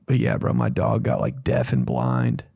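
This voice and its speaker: A man's voice: huge pitch swings, normal speed, creaky, mellow, husky, no echo, studio quality. A young man hosting a comedy podcast, telling a rambling, profane story and jumping into silly voices. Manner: profane, rambling, acts out voices with big pitch jumps.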